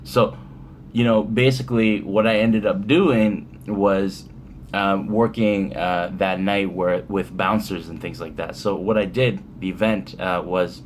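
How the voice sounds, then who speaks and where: A man's voice: low voice, fairly even intonation, unhurried, a little hiss or hum. Laid-back man telling a profane story. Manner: laid-back, profane, rambling with many fillers. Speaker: vlogger. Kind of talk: casual storytime.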